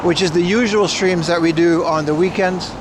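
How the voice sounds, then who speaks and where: A man streaming on the move, chatting loosely with his viewers about shops and cars. His voice sits fairly high for a man. Loud street noise and passing cars surround him. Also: fairly even intonation, normal speed. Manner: chatty, addresses chat directly. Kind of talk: casual IRL livestream commentary. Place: outdoors on city streets. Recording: noisy outdoor street recording.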